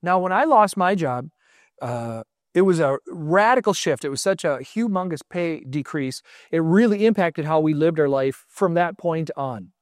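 Lively conversational male preacher. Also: fairly high pitch, normal speed, no echo, clean studio sound. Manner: conversational, asks the audience questions, animated storytelling. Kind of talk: sermon.

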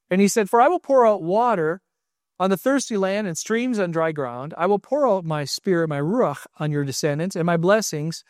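High-voiced man preaching animatedly. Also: no echo, studio quality. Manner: animated, restarts and repeats words, raises voice for quotes. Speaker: teacher. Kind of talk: sermon.

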